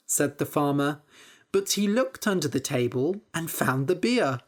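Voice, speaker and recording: A woman narrating a simple story for English learners, clear and deliberate. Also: low voice, lively intonation. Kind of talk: slow scripted story narration.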